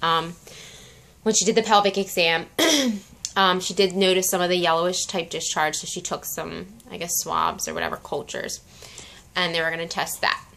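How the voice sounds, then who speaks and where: A woman's voice: on the low side, animated, normal speed, vocal fry, a bit bright. A young woman talking casually in a home vlog at night, chatty with many fillers, tired and out of breath. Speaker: vlogger.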